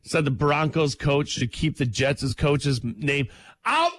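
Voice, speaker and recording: A man's voice: a little high, slow, no room sound. A man co-hosting a morning radio show, joking around in casual banter and reading sports news. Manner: loose, joking, playful. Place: radio studio.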